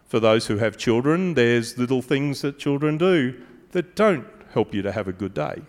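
Male preacher, mid-pitched, deliberate emphatic sermon delivery, long hall reverb. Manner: measured and emphatic, slowing on key phrases, with dry asides.

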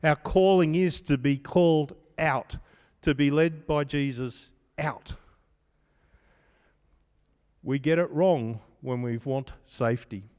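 A man's voice: on the high side, slow pace, pauses often, a little mellow, clean tone, in a large hall. A man giving a conversational sermon as pastor, telling stories with self-deprecating humor.

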